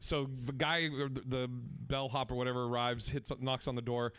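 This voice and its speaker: A man hosting a comedy podcast, telling a crude prank story with lively acted-out quotes and bursts of laughter. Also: medium pitch, moderate pace, clear, resonant tone. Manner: animated storyteller, acts out shouting and quoted voices, laughs while telling. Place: festival stage with live audience.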